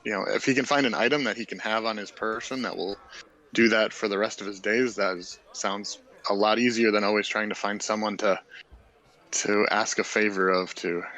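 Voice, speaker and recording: A man's voice: lowish voice, bright, forceful tone, rough recording. A man narrating a tabletop game casually, rambling with many fillers.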